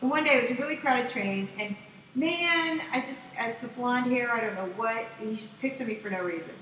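High, bright, excitable woman storyteller. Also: fairly quick. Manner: profane, excitable, acts out quotes loudly. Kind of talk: animated casual storytelling. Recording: echoey room, distant mic, faint noise.

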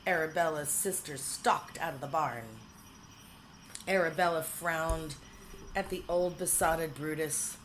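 Slow, low-voiced woman storyteller. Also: fairly bright tone, slight background noise, poor audio. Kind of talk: storybook narration.

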